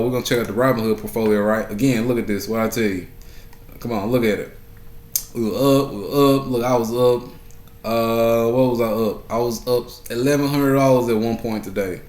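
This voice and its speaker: A man's voice: mid-range voice, darkish tone. A man giving a casual recap of the day's stock market, talking straight to his viewers, often asking "right?" and repeating phrases for emphasis. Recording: echoey room.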